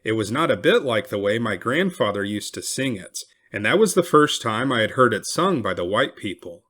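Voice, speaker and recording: A man reading a historical memoir aloud, expressive and raising his voice for cried-out quotes. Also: on the low side, moderate pace. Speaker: reader.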